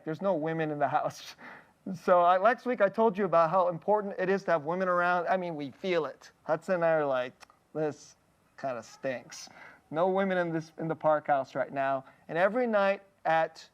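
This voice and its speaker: A male pastor preaching a conversational sermon in a candid, personal way, often breaking off to restart a thought and checking in with a quick "okay?". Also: sits high, dull audio. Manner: halting, restarting phrases mid-thought.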